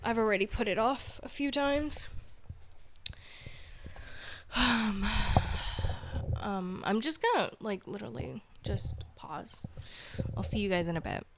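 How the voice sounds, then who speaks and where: A woman's voice: fairly high pitch, lively intonation, unhurried, a bit bright, slight background noise. A young woman hosting a podcast, chatting candidly on her own in a rambling way, with "like" in almost every sentence. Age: young adult. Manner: rambling, heavy use of filler "like", candid and chatty. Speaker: podcast host. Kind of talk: casual solo chat.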